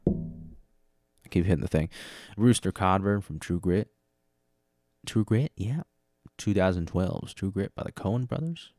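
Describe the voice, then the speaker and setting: Man, low voice, rambling self-mocking podcast chat, dry close mic. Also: gravelly, a little mellow, dry recording. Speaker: podcast host. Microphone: close studio mic with headphone monitoring.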